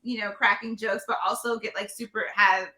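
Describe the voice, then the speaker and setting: A woman's voice: medium pitch, fairly even intonation, normal speed, pushed and bright, reverberant. A woman author on a panel, chatting candidly and laughing often. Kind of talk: casual panel chat.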